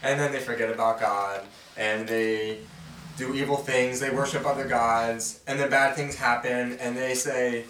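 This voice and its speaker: Man, mid-pitch, conversational Bible study host, animated quote reading; distant mic, roomy sound. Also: measured pace, a little hiss or hum. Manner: conversational, voices the characters' quotes with feeling. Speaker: host reading and explaining scripture. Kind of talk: casual Bible study teaching.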